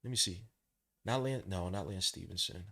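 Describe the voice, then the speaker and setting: Excitable man calling a game casually. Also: sits low, moderate pace. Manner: swings from quiet play-by-play to loud excited outbursts; casual slang, talks to the listener like a friend. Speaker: podcast host calling a game. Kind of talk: live watch-along play-by-play.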